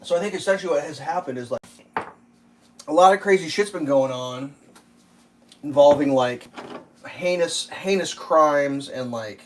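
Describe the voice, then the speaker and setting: A man's voice: a little high, moderate pace, pauses often, a little mellow, slight background noise, poor audio. A man hosting a casual livestream while cooking, rambling and swearing, with lots of fillers, and faint kitchen clatter behind him. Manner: rambling, profane, filler-heavy. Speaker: livestream host.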